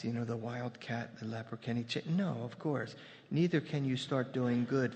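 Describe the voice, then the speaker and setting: A man preaching a sermon in a loose, conversational way, breaking off into humorous asides before returning to his point. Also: medium pitch. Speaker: pastor. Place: church sanctuary. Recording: long hall reverb.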